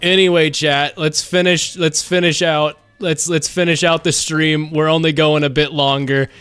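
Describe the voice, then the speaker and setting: A man's voice: on the high side, little pitch movement, normal speed, fairly bright tone, clean tone, no room sound, soft background music. A worn-out man live-streaming a game, rambling casually to chat and swearing often. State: exhausted.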